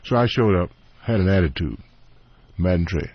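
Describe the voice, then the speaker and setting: Husky, animated man telling a story. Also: low-pitched, normal speed, dry recording. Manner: animated, acts out voices in anecdotes. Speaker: studio guest. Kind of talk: storytelling on talk radio. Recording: dull radio broadcast sound.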